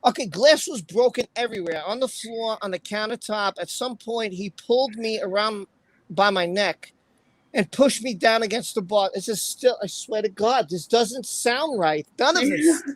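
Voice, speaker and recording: A woman's voice: fairly high pitch, expressive, moderate pace, no echo. A woman hosting a casual livestream, reading aloud, exclaiming often and breaking into laughter. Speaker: livestream host.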